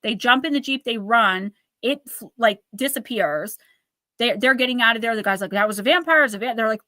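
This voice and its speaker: Bright-voiced woman telling a spooky story. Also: a little high, fairly quick, no room sound, clean studio sound. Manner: animated, acts out quoted voices while retelling a story. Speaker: host. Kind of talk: casual storytelling on a live show.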